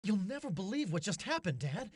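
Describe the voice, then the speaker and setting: An actor playing an eager, brave young fisherman's son in a studio game, telling his father a story with excited energy. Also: high-pitched, a little fast, a crowd in the background.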